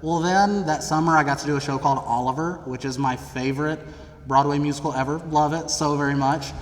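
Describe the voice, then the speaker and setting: A young man from Middle Tennessee telling funny stories about his own past to college students, in a lively, theatrical, self-deprecating way. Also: a little high, a little fast. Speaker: speaker addressing college students. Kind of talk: humorous personal storytelling. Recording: long reverb of a large hall, faint background noise.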